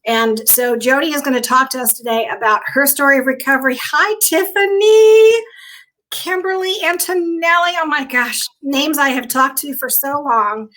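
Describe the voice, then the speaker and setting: An excitable woman hosting a casual live stream, talking into a computer mic on a video call. Her voice sits high and sounds bright and sharp. She greets viewers by name and gets emotional along the way. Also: a little fast, hardly any pauses. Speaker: host of a live online show.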